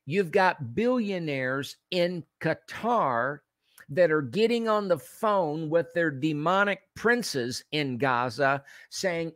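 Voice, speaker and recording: A man's voice: a little high, animated, takes it slowly, a bit bright, no echo. A man hosting a political commentary show, speaking in a heated, emphatic way and repeating phrases for effect.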